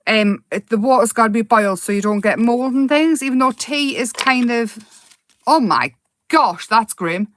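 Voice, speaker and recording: A woman hosting a chatty crafting tutorial, rambling and giggling and easily excited as she explains her steps. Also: a little high, normal speed, no room sound.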